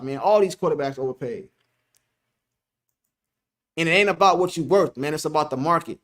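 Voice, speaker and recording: A man hosting a casual sports live stream, reading the chat aloud, joking, laughing and repeating himself. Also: high-pitched.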